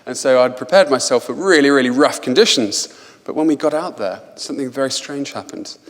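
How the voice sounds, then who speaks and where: Man, public lecturer, mid-pitched voice, lively storytelling, repeats words, long hall reverb. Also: a little fast.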